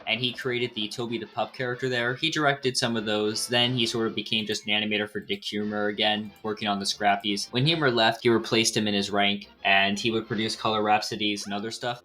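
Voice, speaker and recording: A man in casual chat as a podcast guest, calmly informative about animation history. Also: lowish voice, fairly quick, few pauses.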